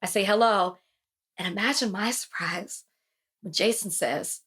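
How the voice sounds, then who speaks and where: Southern lady podcast host, bright tone, rambly and laughing, keeps restarting. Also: mid-range voice, measured pace, long pauses. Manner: chatty, laughing, restarts sentences. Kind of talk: casual chat.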